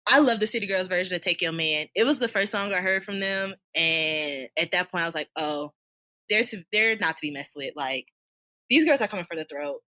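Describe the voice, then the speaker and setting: A woman co-hosting a casual podcast chat, animated and slangy, laughing often. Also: fairly low pitch, a little fast. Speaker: podcast co-host.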